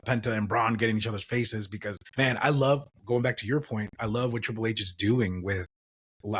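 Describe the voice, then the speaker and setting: A young man co-hosting a podcast, recapping wrestling in a relaxed, casual way with lots of fillers. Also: on the low side. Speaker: podcast co-host.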